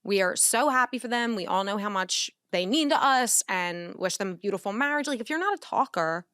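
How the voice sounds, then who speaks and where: Lively woman podcast host. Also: medium pitch, smooth, dry recording, clean studio sound. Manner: agreeing often, quick interjections. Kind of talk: casual chat.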